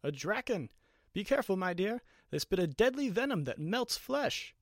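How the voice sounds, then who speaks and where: A man voicing an excitable, fond wizard who gives urgent, rising warnings. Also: mid-range voice, a little fast, no room sound, clean studio sound, close to an everyday voice. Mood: alarmed.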